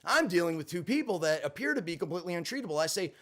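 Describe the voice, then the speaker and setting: Animated man telling a story, profanity included. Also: sits high, very fast. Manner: animated, profane, acts out quoted voices. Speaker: livestream host. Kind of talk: casual storytelling on a livestream.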